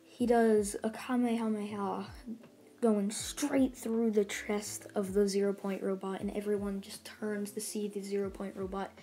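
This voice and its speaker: A woman's voice: mid-range voice, little pitch movement, measured pace, mellow, faint music behind. A woman casually retelling a fan story, rambling along with lots of fillers and restarts.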